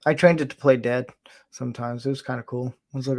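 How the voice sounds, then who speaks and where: A man who grew up in Florida, talking casually at an ordinary middle pitch. He wanders from thought to thought, laughs at himself often and keeps things loose and unpolished. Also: steady tone, fast talker, vocal fry, darkish tone. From Florida, USA. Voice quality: rambling, chuckling, self-deprecating. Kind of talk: casual chat.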